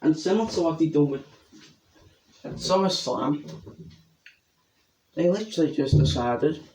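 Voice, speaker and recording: A young man giving a rambling, excitable spoken review of a wrestling event. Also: a little high, measured pace, a little hiss or hum.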